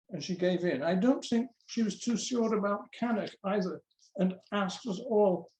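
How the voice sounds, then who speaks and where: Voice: mid-range voice, moderate pace, a little mellow, echoey room, low-quality recording. A guest reader reading a memoir aloud at a book launch, in a conversational storytelling manner. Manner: conversational storytelling with quoted voices.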